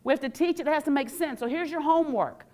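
Lively woman teaching a workshop. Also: high voice, fast talker. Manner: animated, quizzes the audience with call-and-response questions; acts out quoted phrases in playful voices. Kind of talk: live interactive workshop talk.

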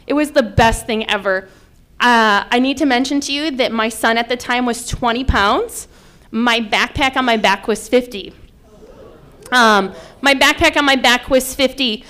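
A woman in her thirties from upstate New York, telling a personal story with lively acted-out quotes. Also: on the high side, a little slow, clean tone. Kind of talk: personal story told to an audience.

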